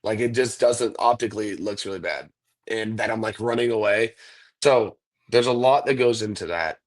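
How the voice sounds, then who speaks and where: A relaxed man talking through stories in a casual interview. His voice sits fairly low, and he rambles along, filling his sentences with "like" and "dude". He sounds like an athlete talking shop about game moments. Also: normal speed. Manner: laid-back, rambling storyteller, says "like" and "dude" a lot. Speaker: NFL kicker, guest.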